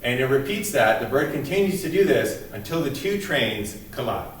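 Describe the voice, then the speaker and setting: A man's voice: medium pitch, very animated, normal speed, slight background noise. Earnest male lecturer in an echoey room. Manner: earnest, emphatic, with frequent restarts. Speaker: university lecturer. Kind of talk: recorded class lecture. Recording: distant mic in an echoey room.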